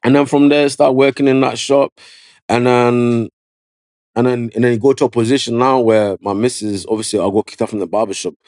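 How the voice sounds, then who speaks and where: A man with a London accent, a barber telling his story in a casual podcast interview, slangy and animated, full of "yeah" and "you know what I mean". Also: mid-range voice, fairly quick, no room sound, clean studio sound. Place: podcast studio.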